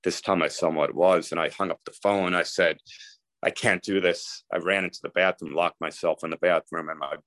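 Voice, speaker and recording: A man's voice: low voice, fairly even intonation, brisk, few pauses, fairly bright tone, dry recording. A middle-aged man telling his personal story candidly and conversationally as a podcast guest.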